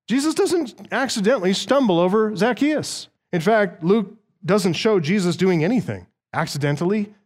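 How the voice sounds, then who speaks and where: A man preaching an expository sermon, earnest and emphatic, with occasional dry asides to the congregation. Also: high voice. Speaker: pastor.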